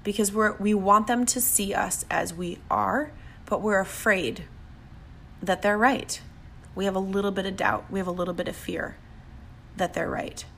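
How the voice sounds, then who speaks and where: A woman's voice: mid-range voice, steady tone, moderate pace, gravelly, fairly bright tone, a little hiss or hum. A woman giving an emphatic motivational talk, sometimes acting out what other people say. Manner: emphatic, acts out quoted voices. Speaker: motivational speaker.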